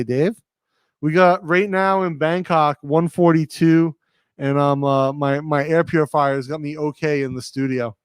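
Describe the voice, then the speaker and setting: A man's voice: a little high, moderate pace, clear, resonant tone, no room sound. A man with a slight New England accent hosting a livestream from his studio, chatting casually and reading out viewer comments. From Rhode Island, USA. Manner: rambling, laid-back, talks to viewers directly. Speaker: livestream host. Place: home studio.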